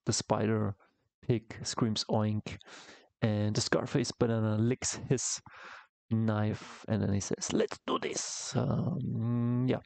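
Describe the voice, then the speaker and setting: Brief: man, slow gravelly delivery, casual comic-art tutorial voice-over, dry close mic. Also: lowish voice, level tone, darkish tone, no room sound. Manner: rambling, halting, many fillers and restarts. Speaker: comic artist teaching.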